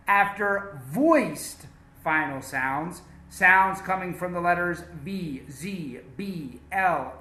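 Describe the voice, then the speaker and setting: A man teaching English pronunciation, drilling words slowly and emphatically. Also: high-pitched, sharp tone, echoey room. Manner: slow, deliberate drilling with emphatic repetitions.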